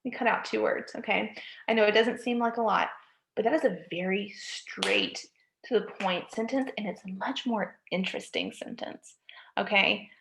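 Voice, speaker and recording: A woman's voice: medium pitch, moderate pace, gravelly, fairly bright tone. A woman, a college writing instructor, giving a recorded lecture, often checking in with "okay?" and correcting herself mid-sentence. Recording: echoey room.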